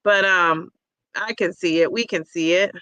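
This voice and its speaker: A chatty woman hosts a livestream from home, reading viewer comments aloud and repeating them back. Her voice is bright and forward. The sound is dry and close, with no room echo. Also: on the low side, measured pace, smooth. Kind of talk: casual livestream chat.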